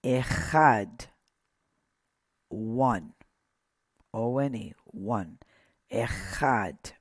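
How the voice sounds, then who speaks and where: Guy teaching word pronunciation super slow, repeats every word, dry close sound. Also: fairly low pitch, expressive, husky, no echo. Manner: repeats each word slowly, pointing out accent marks. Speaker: Hebrew teacher.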